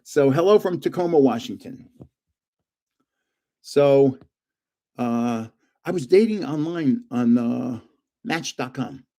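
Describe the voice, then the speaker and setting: A man's voice: mid-range voice, lively intonation, takes it slowly, pauses often, dark tone. An older man hosting a casual livestream from home, rambling through anecdotes and chuckling often. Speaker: livestream host.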